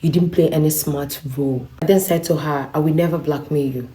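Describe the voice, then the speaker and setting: A woman's voice: deep voice, steady tone, fairly quick, mellow. A young woman vlogger telling a personal story to her viewers, acting out both sides of a quarrel. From Nigeria. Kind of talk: storytelling to camera.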